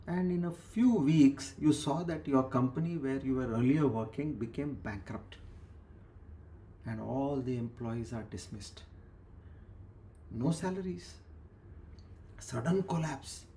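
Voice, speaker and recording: A man's voice: mid-range voice, slow, pauses often, mellow, slight background noise. A man giving a spiritual discourse as a teacher, explaining with everyday examples and repeated phrases, sometimes dropping to a near whisper.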